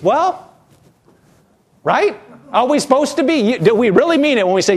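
A man preaching a sermon as pastor, lively and animated, acting out quotes from the people he talks about. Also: extremely high pitch, moderate pace, pauses often, breathy edge.

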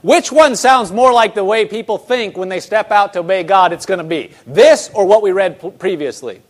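A man's voice: high-pitched, normal speed. A man preaching a sermon, emphatic, asking the congregation rhetorical questions and repeating words for emphasis.

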